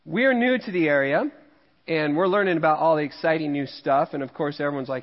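A man's voice: on the high side, brisk. A man from Missouri preaching a sermon as pastor, telling a fishing story in a conversational, self-mocking way with frequent laughs. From Missouri, USA. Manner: jokey, conversational, laughs at himself. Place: church sanctuary. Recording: dull, long-reverb church hall recording.

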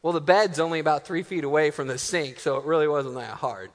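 A male pastor preaching a sermon in a church, telling stories with a lively, self-deprecating delivery. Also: on the high side, a little fast, big-room sound. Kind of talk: sermon storytelling. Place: church sanctuary.

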